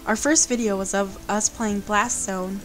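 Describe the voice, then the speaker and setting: A woman's voice: mid-range voice, fairly even intonation, a little slow, a bit bright, soft background music, low-quality recording. A woman hosting a let's play, reading a visual novel aloud and breaking off for playful, chatty asides.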